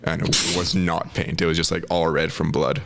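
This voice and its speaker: A man with a very low-pitched voice tells a story on a podcast. He keeps it laid-back and matter-of-fact, even with the grisly details. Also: moderate pace, vocal fry.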